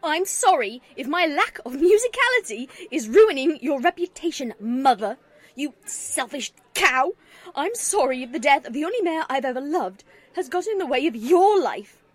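A woman voicing a grieving young mare musician, weary and bitter, speaking low and subdued. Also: a little slow, breathy edge, dry recording. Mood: furious.

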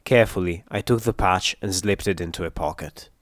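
A man reading fiction aloud in a steady, measured storytelling voice, close to the mic. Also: sits low, dry recording. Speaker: audiobook narrator. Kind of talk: scripted fiction narration.

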